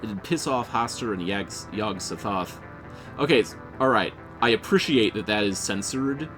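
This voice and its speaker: A man's voice: fairly low pitch, lively intonation, normal speed, fairly bright tone, soft background music. A man casually playing through a game, reading its text aloud and chatting, often tripping over words. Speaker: game player.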